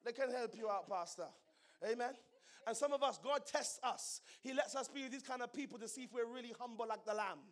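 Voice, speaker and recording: A man preaching a fiery sermon, loud and emphatic, with call-and-response exclamations. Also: extremely high pitch, brisk.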